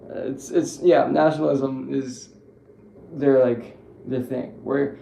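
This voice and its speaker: A man's voice: mid-range voice, steady tone, slow, vocal fry, mellow, slight background noise. A man giving a rambling, profane political monologue who keeps correcting himself. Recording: echoey room with faint ambience.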